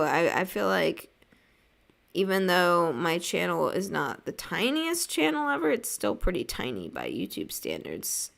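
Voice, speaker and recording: A young American woman chatting loosely with her viewers while she inks and colors. Her voice sits fairly low with some gravel in it, but her pitch jumps around animatedly. She rambles, reads messages aloud and fills gaps with "like.". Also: fairly bright tone. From United States. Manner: chatty and rambling, reading chat aloud, frequent "like" and laughs. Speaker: art streamer. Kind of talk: casual livestream chat while drawing.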